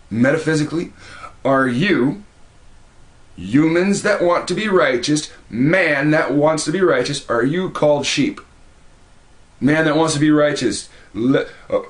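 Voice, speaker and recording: A man giving a preachy commentary monologue, emphatic and repetitive, often restarting his sentences. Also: on the high side. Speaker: video commentator.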